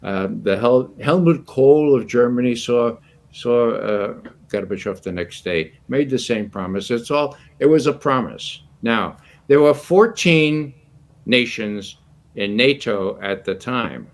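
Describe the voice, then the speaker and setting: A man in his eighties, a guest commentator, telling stories in an animated, anecdotal way and chuckling often. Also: mid-range voice, takes it slowly. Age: 80s. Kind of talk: casual storytelling commentary.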